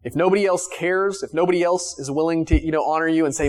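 A pastor with a slightly high voice preaches fast to his congregation in a conversational style, full of fillers and restarts. He swings between raised, emphatic lines and hushed, gentle ones.

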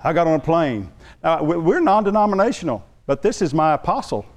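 A man preaching a sermon as pastor, telling a story in an animated way and acting out the voices he quotes. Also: on the high side, a little fast.

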